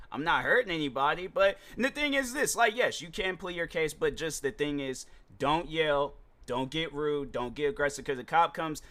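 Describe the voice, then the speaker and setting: A man hosting a casual solo vlog, talking loosely with slang and restarting his sentences often. His voice is somewhat high and bright, with a forceful edge. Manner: rambling, slangy, many restarts. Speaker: show host.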